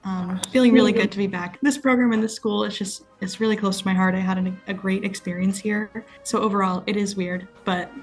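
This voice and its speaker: A woman's voice: medium pitch, fairly even intonation, brisk, few pauses, faint music behind. A woman in her twenties, a new work-study staff member, answering podcast interview questions upbeat, with frequent ums. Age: 20s. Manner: upbeat, warm toward the school, with frequent ums.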